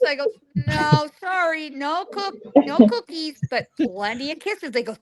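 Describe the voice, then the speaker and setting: A woman's voice: sits high, a little slow, over a noisy crowd, poor audio. A woman in her forties telling stories emphatically as an interview guest, acting out animals' lines. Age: 40s. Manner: emphatic, lively, acts out animals' lines in quotes. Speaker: guest psychic. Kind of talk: animated storytelling in a remote interview. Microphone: remote call line.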